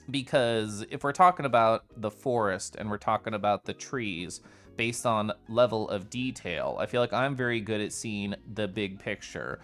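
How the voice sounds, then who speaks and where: A man's voice: medium pitch, a bit bright. A young man chatting casually on a live stream, answering his chat and laughing often.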